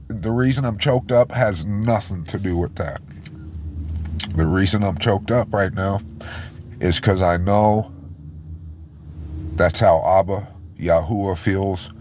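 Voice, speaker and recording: A man giving an informal sermon, choked up and halting, often restarting his words. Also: low-pitched, darkish tone, slight background noise. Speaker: preacher.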